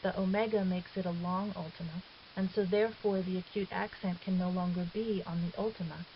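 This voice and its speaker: A woman calmly explaining a grammar lesson as a recorded teacher, patient and step by step, now and then correcting herself. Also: on the low side, fairly quick. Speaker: Greek teacher. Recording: dull hissy lo-fi 2009 recording.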